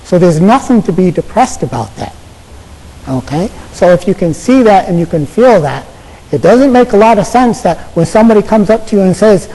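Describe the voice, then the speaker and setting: An American man, a Buddhist monk, giving a casual Zen dharma talk to an audience, halting and full of fillers, often checking in with "okay?". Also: sits high, lively intonation, warm tone. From United States. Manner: halting, conversational, many fillers and repeated "okay?". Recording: echoey lecture hall.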